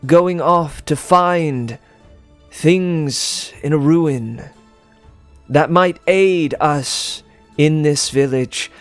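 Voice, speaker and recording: A man's voice: on the high side, no echo, pitched above the performer's own voice. A man voicing a villager who gives a solemn, mournful eulogy at a funeral. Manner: slow, mournful, declaiming.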